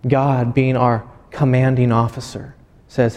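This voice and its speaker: A man's voice: mid-range voice, normal speed. Man preaching in an echoey hall. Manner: animated storytelling with acted-out voices. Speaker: pastor. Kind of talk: sermon.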